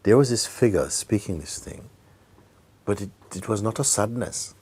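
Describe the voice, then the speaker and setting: Man, spiritual teacher, deep voice, mellow, gentle, slips into whispers. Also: animated, moderate pace, slight background noise. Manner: gentle, laughs often, drops into whispers. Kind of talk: spiritual talk to a gathering.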